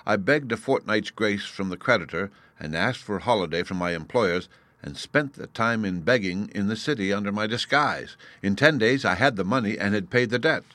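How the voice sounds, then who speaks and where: A man's voice: lowish voice, normal speed, a bit bright, no room sound, close to an everyday voice. A man doing an earnest, confessing prisoner. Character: ashamed gentleman prisoner confessing, adult man.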